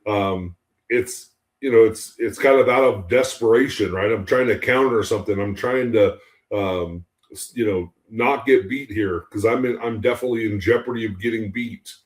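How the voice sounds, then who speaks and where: A man's voice: fairly low pitch, moderate pace. A man co-hosting a podcast, talking casually and rambling with many fillers. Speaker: podcast co-host. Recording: echoey room.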